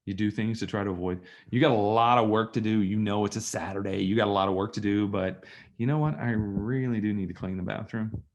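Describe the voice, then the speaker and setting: A man teaching a live online workshop, talking to students in a lively storytelling way and acting out conversations. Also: lowish voice, a little fast, lo-fi sound. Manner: animated storytelling, acts out dialogue. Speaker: trainer. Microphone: video call.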